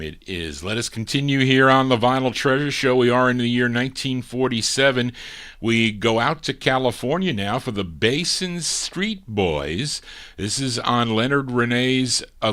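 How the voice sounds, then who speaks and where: A man hosting a live record show, talking in a relaxed, chatty way with fillers as he introduces old songs. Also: on the low side. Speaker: radio show host. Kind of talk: casual record show presenting.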